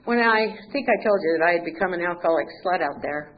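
A woman's voice: on the low side, animated, quick pace, lo-fi sound. A woman giving a personal recovery testimony, telling her story candidly with wry humor and acting out the conversations. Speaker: recovery speaker.

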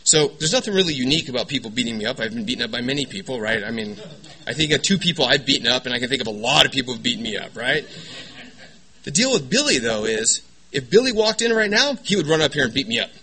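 A man from California giving a lively personal testimony to a recovery meeting, joking with the room and asking "right?" often. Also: mid-range voice, fast, low-quality recording. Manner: animated, joking storyteller with lots of "right?" and "you know".

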